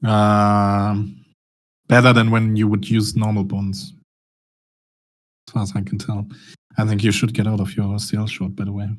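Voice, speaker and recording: A man chatting casually as a trader, blunt and quick to laugh. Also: lowish voice, monotone. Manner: laughs often, blunt, swears freely. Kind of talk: casual chat.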